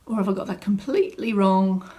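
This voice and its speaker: A woman's voice: medium pitch, a little fast, mellow. Woman instructor, chatty and welcoming, home studio live stream. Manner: chatty, greets viewers by name. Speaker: fitness instructor. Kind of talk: live online class welcome. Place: home room set up as studio.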